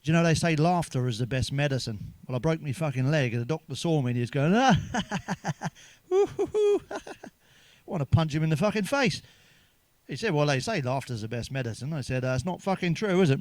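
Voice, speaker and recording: A man's voice: medium pitch, animated, fast talker, darkish tone, no echo. A man telling crude jokes in a sweary monologue, chuckling at his own punchlines. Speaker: stand-up comedian.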